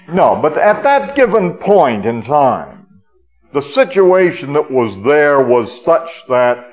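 Earnest preacher man, lo-fi sermon. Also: mid-range voice. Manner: earnest teaching with many hesitations and "uh" fillers.

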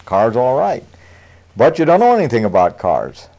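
A man's voice: medium pitch, sing-song, normal speed, mellow. A man preaching a conversational sermon in a folksy, homespun way, often chuckling as he talks. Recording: dull lo-fi recording.

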